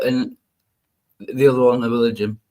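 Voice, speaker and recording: A man's voice: medium pitch, flat delivery, moderate pace, a crowd in the background. A man hosting a casual livestream panel, laughing often and joking crudely with his guests. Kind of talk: casual chat.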